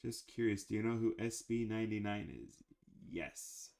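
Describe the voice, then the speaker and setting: A man's voice: on the low side, monotone, fairly quick, mellow. A man talking casually about cartoons in a rambling, chatty way with frequent fillers. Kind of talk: casual chat.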